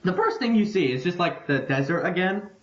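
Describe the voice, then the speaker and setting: A young man hosting a casual podcast, excitable and rambling, quick to crack jokes. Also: sits high. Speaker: podcast host. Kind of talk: casual chat. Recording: lo-fi, echoey room.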